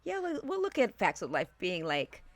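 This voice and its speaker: A woman guest on a podcast, chatting casually with quick wry asides and frequent laughter. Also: lowish voice, wildly swooping pitch, no room sound.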